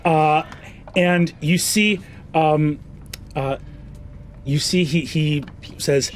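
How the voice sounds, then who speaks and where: A man narrating as game master, halting with many fillers. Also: fairly high pitch, steady tone, slight background noise.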